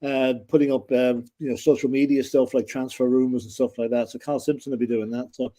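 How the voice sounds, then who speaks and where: A man's voice: medium pitch, flat delivery, brisk, dark tone. A man from Ireland co-hosting a casual sports livestream, with a dry, wry humor. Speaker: livestream co-host.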